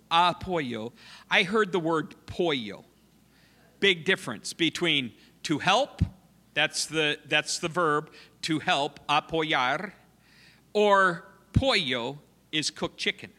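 Male missionary preacher, animated self-mocking storyteller, high bright voice, long church reverb. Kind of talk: sermon storytelling. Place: church sanctuary.

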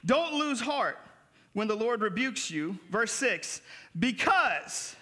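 A man's voice: very high-pitched, sing-song, takes it slowly, pushed and bright. A male pastor preaching a sermon, calling on the congregation to respond and rising to emphatic peaks.

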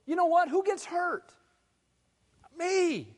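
A high-voiced male pastor preaching with big swings from loud to hushed. His voice rings out with a long reverb, as in a church sanctuary. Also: animated, moderate pace. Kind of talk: sermon.

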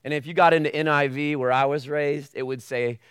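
A man preaching a sermon in a church, opening with a hushed, earnest prayer and then talking casually and acting out the voices he quotes. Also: on the high side, steady tone, a little fast, smooth, dry recording, studio quality. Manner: hushed, earnest tone while praying. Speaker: pastor. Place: church sanctuary with a video screen.

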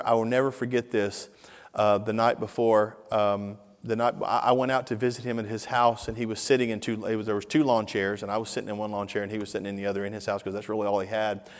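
Animated male preacher in a reverberant hall. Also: lowish voice. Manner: animated storyteller, acts out dialogue. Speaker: pastor. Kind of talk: storytelling sermon.

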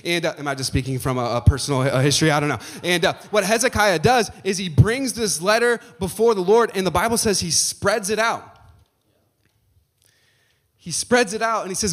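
A man's voice: a little high, quick pace. A middle-aged man preaching a sermon as pastor, emphatic and building to passionate peaks.

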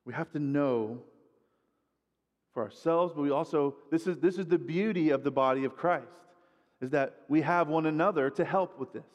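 Male preacher, slightly high voice, chatty delivery, long church-hall echo. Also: moderate pace, darkish tone, dull audio. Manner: conversational, repeats words while building points. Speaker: guest preacher. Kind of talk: sermon.

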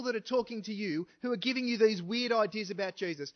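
A man's voice: very high voice, lively intonation, brisk. A man preaching a sermon who speaks with emphasis and keeps asking his listeners rhetorical questions. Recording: dull lo-fi recording.

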